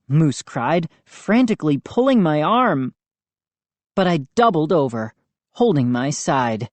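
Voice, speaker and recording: A woman reading a first-person children's novel as an audiobook narrator, measured and expressive. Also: deep voice, no echo.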